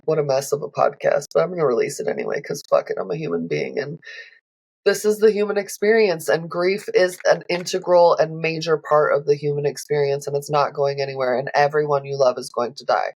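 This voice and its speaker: A woman's voice: sits low, animated, brisk, darkish tone, no room sound, rough recording. A woman hosting a solo podcast, talking in an emotional, blunt way, swearing freely and rambling with fillers. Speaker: podcast host. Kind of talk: candid solo podcast monologue.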